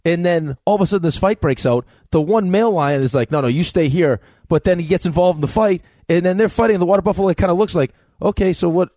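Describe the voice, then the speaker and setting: A man co-hosting a sports radio show, teasing his partner and telling quick stories. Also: sits high, dark tone, no room sound, clean studio sound. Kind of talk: casual studio banter. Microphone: studio microphone.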